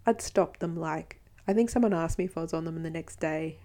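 A woman hosting a podcast, telling her own story in a frank, earnest monologue with quick asides. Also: deep voice, warm tone. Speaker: podcast host.

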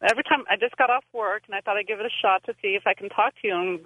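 Excited woman calling in on a phone line. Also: mid-range voice, rapid-fire. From Southern California. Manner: excited, nervous, gushing. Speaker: radio show caller.

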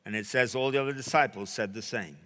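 A male preacher delivering a sermon, telling a story with dramatic pauses and emphasis. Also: mid-range voice, a bit bright. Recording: echoey hall.

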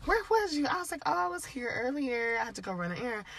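A woman's voice: high-pitched, fast, vocal fry, slight background noise. A woman telling a story in casual chat, acting out the people in it with shifting voices. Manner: animated, acts out quotes in shifting voices.

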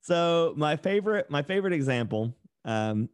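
A man's voice: on the high side, animated, moderate pace, clear, resonant tone, dry recording. A young man from East Tennessee with a mild Southern accent, a podcast guest telling stories in a chatty, sarcastic way. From East Tennessee, USA. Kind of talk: casual podcast chat.

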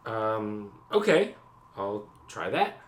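A man on an improvised comedy podcast, chiming in with deadpan one-liners. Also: lowish voice, slow, echoey room. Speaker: podcast co-host.

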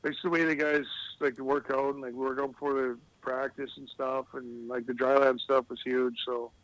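His voice is mid-range and level, at a normal speed and with a fairly bright tone, in a dry recording of poor quality. A middle-aged ex-pro hockey player, he appears as a guest on a relaxed podcast, telling meandering stories and laughing at his own anecdotes.

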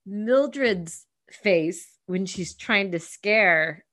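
A woman co-hosting a casual podcast chat, playful and quick to laugh. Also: mid-range voice, expressive, a bit bright. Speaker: podcast co-host.

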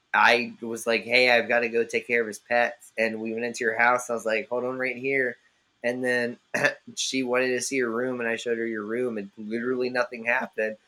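Male podcast host, bright tone, mid pitch, rambling jokey banter. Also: low-quality recording. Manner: rambling, jokey, swearing freely. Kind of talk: casual chat among friends.

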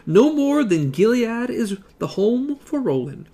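A reader voicing a small, fearless young woman who speaks firmly and bluntly, with lively pitch. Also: measured pace. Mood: defiant. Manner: firm, plain-spoken.

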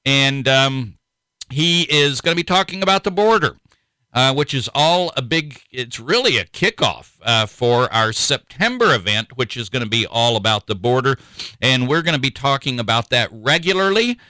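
Folksy man with a bright voice. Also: medium pitch, animated, normal speed, dry recording, rough recording. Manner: folksy and rambling. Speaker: radio talk show host. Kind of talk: casual radio talk.

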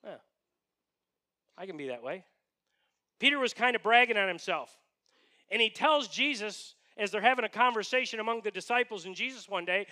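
Brief: male pastor, conversational sermon, high-pitched, bright and sharp. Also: animated, normal speed, pauses often. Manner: conversational storytelling, dropping to hushed tones.

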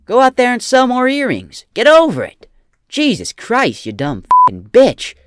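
A man putting on a loud, crude, mocking impression of a male motivational speaker. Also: fairly high pitch, huge pitch swings, moderate pace, dry recording, clean studio sound, full character voice. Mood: yelling.

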